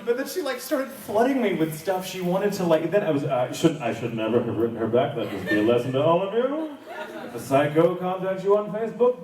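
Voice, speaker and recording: A man's voice: fairly high pitch, big pitch swings, normal speed. A man who voices characters, telling stories on a convention panel in a wry, self-mocking way and laughing often. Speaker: voice actor and panel guest. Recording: echoey convention hall, distant mic, crowd.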